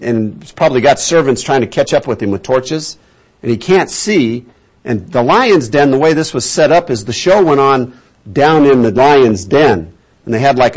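A man teaching from the Bible in a conversational sermon, with a folksy, chatty storytelling manner and mid-range voice. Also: medium pitch. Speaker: pastor.

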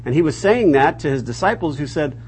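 A man's voice: fairly high pitch, animated, a little fast, darkish tone, breathy edge. A man teaching a conversational Bible lesson, asking the class rhetorical questions and restarting his sentences often.

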